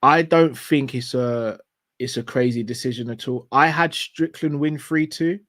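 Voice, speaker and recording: A man chats casually about fights as the host of a watchalong. His voice sits at a middle pitch and sounds dry and close. He talks in an upbeat, chatty way. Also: measured pace, fairly bright tone, dry recording. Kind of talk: casual fight commentary chat.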